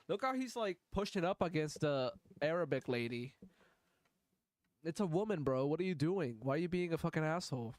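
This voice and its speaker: A man's voice: a little high, expressive, a little fast, dry recording. A man streaming live, reacting to videos in blunt, profane, rambling commentary.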